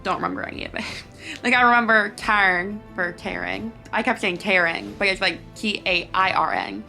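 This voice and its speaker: A woman's voice: mid-range voice, expressive, moderate pace, gravelly, sharp tone, faint music behind. A tired, jittery young woman chatting and giggling while reading aloud on a casual book vlog. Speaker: book vlogger.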